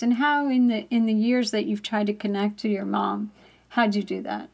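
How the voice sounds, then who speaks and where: A woman's voice: a little high, steady tone, moderate pace, darkish tone. A woman telling a candid personal story in a chatty manner, laughing often as she talks.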